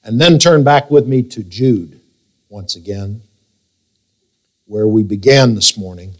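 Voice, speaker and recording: A male pastor preaching a sermon, emphatic and reading scripture in a slow, drawn-out way. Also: lowish voice.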